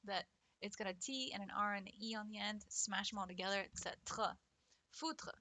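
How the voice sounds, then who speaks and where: A woman's voice: mid-range voice, level tone, fast, sharp tone, no echo. A young adult woman streamer chatting casually with viewers, playful and teasing, laughing often. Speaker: art streamer. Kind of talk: casual livestream chat.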